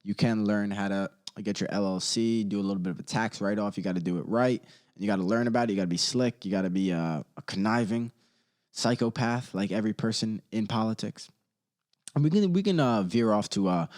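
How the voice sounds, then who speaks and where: A man hosting a comedy podcast, ranting casually in slangy, rambling talk that swings between loud outbursts and low mutters. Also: brisk. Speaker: podcast host.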